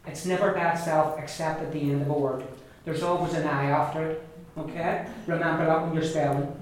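A man's voice: fairly high pitch, little pitch movement, brisk, a little hiss or hum. A man teaching a language class, saying words aloud and repeating them patiently for his students. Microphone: distant recorder in the room. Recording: echoey room, far from the mic, class chatter.

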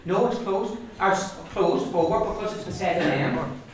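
A man with an Ulster Irish English accent teaches a pronunciation class, carefully modelling sounds and drilling words aloud for his students. His voice is high and moderately paced. The room is echoey, the mic is far off, and there's crowd noise plus faint background noise.

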